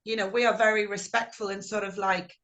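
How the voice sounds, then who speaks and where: Speaking a little fast at a medium pitch, a middle-aged singer shares stories in a video call interview, and the sound is lo-fi. She's animated and warm, acting out the quotes as she goes.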